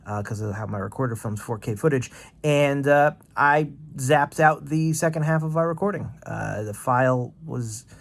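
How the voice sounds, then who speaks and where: A man's voice: mid-range voice, normal speed, vocal fry. A man co-hosting a podcast, chatting casually about a film in a rambling, easygoing way with self-deprecating humor. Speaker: podcast co-host. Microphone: studio mic.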